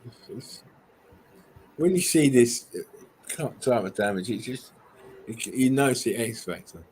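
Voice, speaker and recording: A man's voice: medium pitch, animated, a little slow, darkish tone, slight background noise, rough recording. An English man in casual livestream chat, rambling with plenty of swearing, stumbling restarts and laughs. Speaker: guest showing buildings on a live stream.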